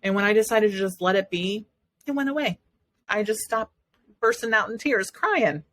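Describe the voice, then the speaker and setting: A woman with a bright, forward tone and a pitch that sits in the middle of the usual range. She talks earnestly and encouragingly to her listeners. It is a motivational solo podcast. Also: lively intonation, moderate pace. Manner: earnest and encouraging, speaking in affirmations. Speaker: podcast host.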